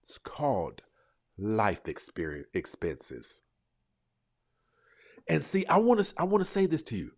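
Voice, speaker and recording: A man's voice: on the low side, huge pitch swings, a little slow, pauses often, darkish tone. A man hosting a livestream, casually commenting and reacting to viewers' comments, talking back to the chat with bursts of laughter. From United States.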